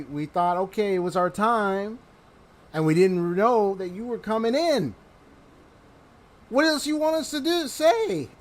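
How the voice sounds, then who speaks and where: Animated laughing gamer guy. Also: a little high, slight background noise. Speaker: let's play host. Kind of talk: casual gameplay commentary.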